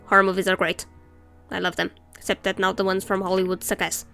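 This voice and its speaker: A woman's voice: medium pitch, flat delivery, fast talker, creaky, pushed and bright, faint music behind. A woman streamer chatting casually and ranting while she reads game text aloud. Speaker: let's play streamer.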